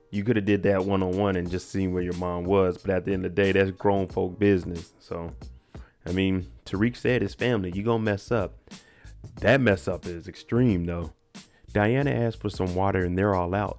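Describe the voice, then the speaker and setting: A man casually recapping a TV episode, animated and acting out characters' lines in raised voices. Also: fairly low pitch, moderate pace, faint music behind. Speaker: TV recap host. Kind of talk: casual show recap commentary.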